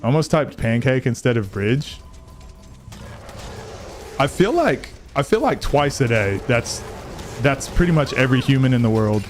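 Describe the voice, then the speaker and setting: A man's voice: mid-range voice, moderate pace, soft background music. Rambling, joking male gaming streamer. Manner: rambling, joking, swears freely, reacts to chat. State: tired late at night. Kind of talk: casual live-stream chat.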